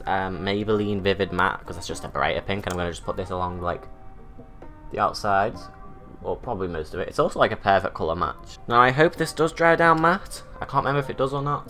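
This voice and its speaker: This young British man, a drag artist, has a lowish voice with a fairly bright tone. He chats casually through a get-ready-with-me makeup tutorial, tossing in camp, self-mocking asides.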